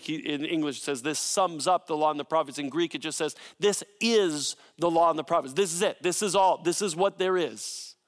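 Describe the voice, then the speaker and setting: A man preaching from the pulpit in a fairly high voice. He drives his points home through repetition and rhetorical questions, in an emphatic sermon style. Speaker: pastor.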